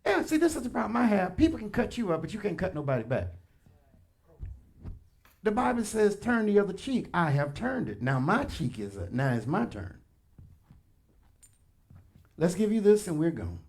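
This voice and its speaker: A man pastor preaching a sermon in a church, animated and colloquial, addressing the congregation directly with punchy asides. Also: high voice, normal speed, vocal fry, long pauses. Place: church sanctuary.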